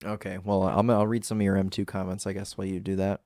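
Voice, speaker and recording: A man's voice: low-pitched, level tone, fast talker, darkish tone. A man co-hosting a car podcast in casual chat, rambling and enthusiastic with lots of fillers. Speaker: podcast co-host.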